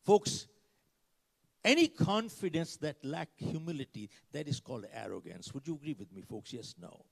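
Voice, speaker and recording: Vocal fry colors a fairly high, lively voice moving at normal speed. An older man, he's a motivational speaker giving a keynote to a live audience in a conference hall, where the hall sound is reverberant, telling stories dramatically, acting out dialogue, and asking the crowd questions.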